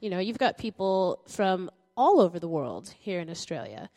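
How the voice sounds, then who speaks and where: A woman co-hosts a casual chat, telling stories about her acting work. She is animated and often laughs mid-sentence. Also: lowish voice, normal speed. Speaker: actress and co-host.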